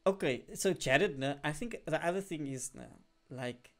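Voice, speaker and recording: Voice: mid-range voice, moderate pace. A young adult streamer, chatting casually to a live audience in a rambling way, full of fillers. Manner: animated bursts when greeting viewers. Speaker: live streamer talking to chat.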